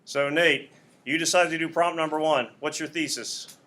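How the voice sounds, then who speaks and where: A male high school English teacher explaining an assignment to his class, patient and repeating key points. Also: steady tone, moderate pace, pushed and bright. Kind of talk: classroom instruction.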